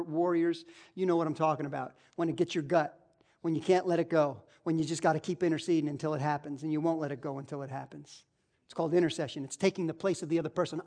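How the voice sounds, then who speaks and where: A woman preacher delivers a passionate sermon, repeating key phrases. She swings between loud, emphatic cries and low, hushed asides.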